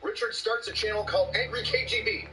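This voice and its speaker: A man casually commenting on military memes, profane and excitable, getting loud when he is worked up. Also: high voice, quick pace, distant mic, music in the background, poor audio. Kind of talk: casual meme commentary with sponsor read.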